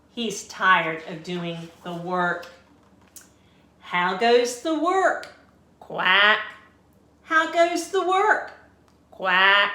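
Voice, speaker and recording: A woman reading a picture book aloud to children as a teacher, slow and expressive, stopping to ask them questions. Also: fairly low pitch. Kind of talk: read-aloud storytime for children. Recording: echoey room.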